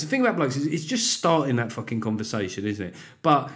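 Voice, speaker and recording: A man hosts his podcast in a loose, rambling monologue. He swears freely and jokes as he goes. His voice sits at an ordinary middle pitch. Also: very animated, brisk, fairly bright tone. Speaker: podcast host, comedian. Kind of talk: casual monologue.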